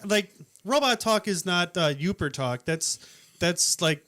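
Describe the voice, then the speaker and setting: Co-host, man, Upper Midwest accent, bright edge, blunt storyteller. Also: high voice, animated, measured pace. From Wisconsin. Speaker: podcast co-host. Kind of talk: casual podcast chat.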